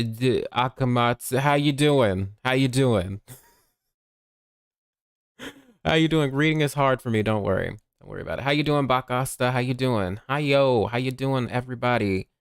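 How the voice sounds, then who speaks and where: A man's voice: mid-range voice, measured pace, clean tone, dry recording. Easygoing male streamer with a mid-range voice, chatty, recorded dry on a desk mic. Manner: chatty, greets viewers by name, laughs often. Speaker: game streamer. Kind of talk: casual livestream chat.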